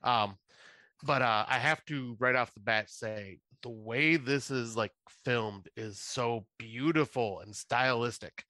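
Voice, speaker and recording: Bright, rambling male podcast host. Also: mid-range voice, takes it slowly, no echo. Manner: rambling, full of fillers. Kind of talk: casual chat.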